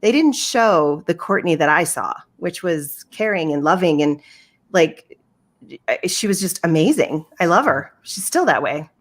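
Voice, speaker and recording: A woman guest on a podcast, chatting casually as an emphatic, animated storyteller who acts out her quotes. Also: on the low side, unhurried. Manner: emphatic, lots of fillers and restarts. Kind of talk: casual chat.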